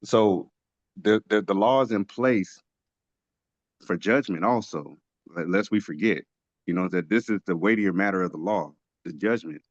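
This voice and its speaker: Low-ish guy explaining scripture in a group chat, lots of "right?", dry muffled sound. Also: moderate pace, no echo. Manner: emphatic, asks rhetorical questions. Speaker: teacher of a religious study group. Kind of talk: casual teaching discussion.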